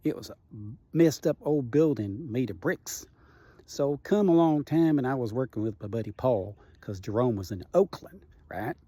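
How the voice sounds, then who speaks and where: Husky profane storyteller man. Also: medium pitch, normal speed, no room sound. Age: middle-aged. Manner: animated, profane, frequent "right?" tags. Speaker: comedian telling a personal story. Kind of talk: casual storytelling.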